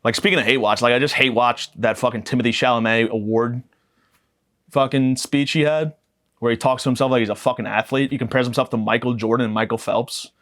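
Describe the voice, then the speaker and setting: A man's voice: medium pitch, fairly even intonation, fairly quick, a bit bright. Profane ranting young man. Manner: profane, mock-aggressive, rambling. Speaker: podcast host. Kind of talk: comedic rant monologue.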